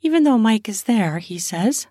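A woman's voice: on the high side, lively intonation, moderate pace, mellow, dry recording, studio quality. A woman improvising an erotic story off the cuff, narrating in a spontaneous, conversational way.

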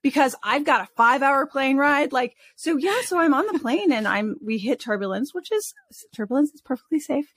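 A woman, an animal communicator, telling personal stories in a casual, expressive interview manner with frequent restarts. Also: sits high, a little fast, no echo.

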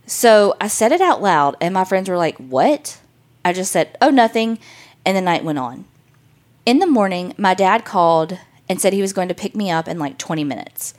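Casual woman reading listener stories. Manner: swears casually, acts out reactions with big pitch jumps. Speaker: podcast co-host.

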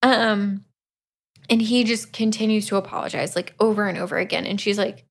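A woman co-hosting a podcast, casually retelling a book's plot and acting out its lines, with an even mid-range pitch. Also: normal speed. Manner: chatty, acts out quotes from the book. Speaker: podcast co-host. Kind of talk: casual book recap.

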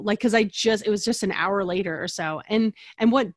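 A woman in her thirties talks casually about her healing work. She slips into quick acted-out dialogues as she goes. Her voice sits mid-range and sounds dry and close. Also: medium pitch, no echo. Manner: chatty, acts out little dialogues. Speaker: energy healer guest. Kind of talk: casual conversational interview.

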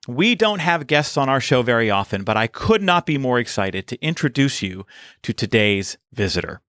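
A man's voice: fairly high pitch, a bit bright, no echo, studio quality. Upbeat man hosting a podcast. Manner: upbeat, scripted show intro. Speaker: podcast host. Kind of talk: podcast interview.

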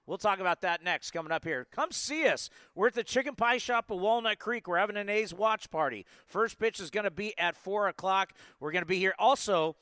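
A man in his forties hosts a live sports show in a bright, forceful voice that stays smooth and crisp. His pitch sits a bit high for a man. He talks with energy and rambles through plenty of asides. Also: brisk, few pauses, dry recording. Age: 40s. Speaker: sports podcast host. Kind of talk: casual live sports talk.

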